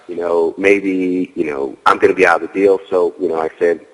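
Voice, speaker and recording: A man's voice: deep voice, little pitch movement, a little fast, big-room sound, poor audio. A man as a guest in an interview, telling a story casually, leaning on "you know" and acting out his own dialogue. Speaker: guest, real estate wholesaler.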